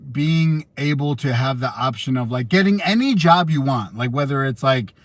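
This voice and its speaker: Answering questions from his viewers, a young American livestream host rambles casually, restarting sentences and using lots of fillers. He has a mid-range voice at a moderate pace, with no room sound.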